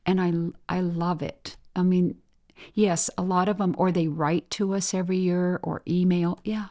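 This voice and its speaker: Casting: middle-aged Midwestern American woman, warm storyteller type, low-pitched, lively anecdotes. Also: unhurried. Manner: chatty storyteller, acts out quoted voices, laughs often. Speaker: bed and breakfast owner, guest. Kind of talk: casual interview chat.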